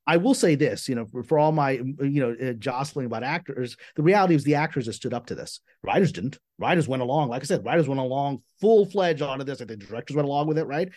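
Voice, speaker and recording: A man being interviewed as a screenwriter guest, talking in an animated, emphatic way with quick restarts. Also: mid-range voice, dry recording. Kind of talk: conversational interview.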